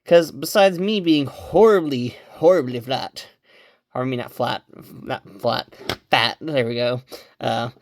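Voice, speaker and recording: A young man chatting casually on his vlog about a virtual pet device, rambling and excitable, out of breath after running upstairs. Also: medium pitch, unhurried. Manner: rambling, excitable, lots of fillers. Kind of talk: casual chat. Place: upstairs room at home.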